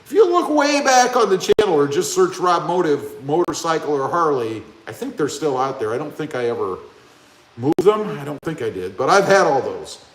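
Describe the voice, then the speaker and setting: A man hosting a live stream in an echoey room, his voice sitting a little high for a man and swinging widely in pitch. He chats casually, reads viewer comments aloud and jokes back at them. His talk is loose and easygoing. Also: big pitch swings, normal speed. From Ohio. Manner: joking, chatty, talks back to viewer comments. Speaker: live-stream host reading chat.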